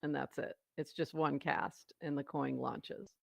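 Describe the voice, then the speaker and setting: A woman co-hosting a casual chat, giving quick upbeat recaps with laughter. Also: low-pitched, fairly even intonation, creaky, no room sound. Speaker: co-host. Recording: dull dry home mic.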